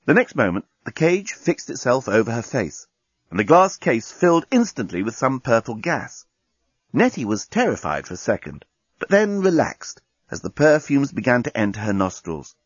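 A man reading a story aloud in an expressive, even storytelling manner, on a dull lo-fi recording. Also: mid-range voice, normal speed, breathy edge, dry recording. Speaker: narrator. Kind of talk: audiobook narration.

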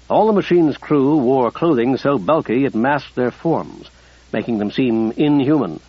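A man narrating an audiobook in a measured, even storytelling manner. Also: medium pitch, slightly rough, no echo, highs cut off.

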